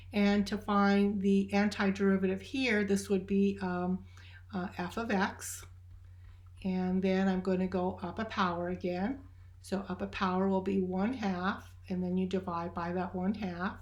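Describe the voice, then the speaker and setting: Woman teacher doing calculus steps out loud, middle pitch, slow and methodical, lots of uhs. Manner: steady, methodical, working through calculus steps with many "uh" fillers. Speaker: math teacher. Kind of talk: recorded math lecture.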